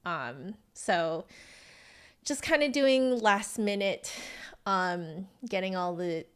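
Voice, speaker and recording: A woman's voice: medium pitch, lively intonation, takes it slowly, smooth. A woman with an American accent, a flutist chatting casually with livestream viewers and answering their comments, friendly and full of ums and likes. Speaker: flutist streamer.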